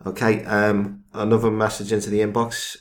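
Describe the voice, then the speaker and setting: Mock-serious low-voiced male host. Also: completely flat delivery, normal speed. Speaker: podcast co-host. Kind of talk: casual comedy chat.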